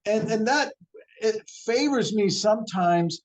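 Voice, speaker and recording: A man's voice: high voice, lively intonation, unhurried. A man speaking as a guest on a podcast interview, earnest and often repeating words as he thinks. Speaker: guest, ingredient supplier.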